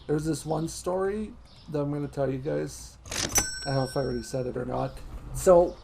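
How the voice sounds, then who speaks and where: A young man talks casually over a game, drifting into long, chatty anecdotes. His voice sits at a middling pitch with a gravelly, fry-laden edge. Faint noise hums under the recording. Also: brisk. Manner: chatty, rambling anecdotes with frequent laughs. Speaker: gaming streamer. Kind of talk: casual gameplay commentary and storytelling.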